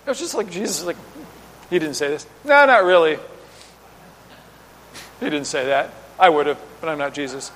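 High-voiced man preaching in a hall. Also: normal speed. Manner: animated teaching, voices rhetorical questions and acts out quotes. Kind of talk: sermon.

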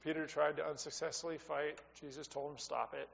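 A man giving a sermon as a pastor, talking conversationally, rising for emphasis and dropping to quiet asides. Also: fairly high pitch, flat delivery, fairly quick, vocal fry. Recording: dull sound with long reverb in a hall.

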